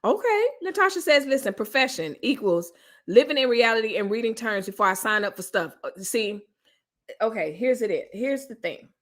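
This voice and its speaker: A middle-aged woman chatting casually on a live stream, animated and joking as she reads viewer comments. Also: on the high side, moderate pace.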